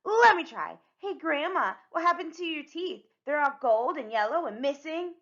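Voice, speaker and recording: A woman's voice: high voice, very animated, moderate pace, fairly bright tone, lo-fi sound, pitched above the performer's own voice. A woman voicing an eager, rule-following young girl in a storybook, earnest and chirpy.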